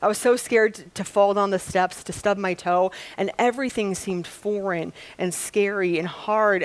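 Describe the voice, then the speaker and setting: A young woman from Wisconsin reading scripture and preaching a sermon, earnest and storytelling, slowing down to stress key lines. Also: mid-range voice. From Wisconsin, USA. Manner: earnest, storytelling, slows for emphasis.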